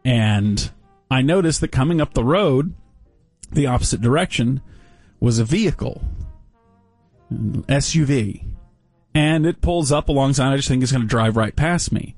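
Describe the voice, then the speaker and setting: A man of middle pitch spins a story in a wry, deadpan way, with dry sarcastic asides. His voice is close and dry, with faint music underneath. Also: moderate pace, dry recording. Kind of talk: casual storytelling chat.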